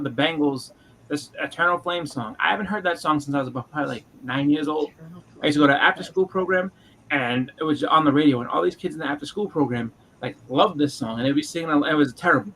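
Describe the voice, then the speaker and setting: A man telling profane, animated stories in casual chat as a podcast co-host. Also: fairly high pitch, slight background noise, low-quality recording. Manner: animated, profane storytelling with impressions.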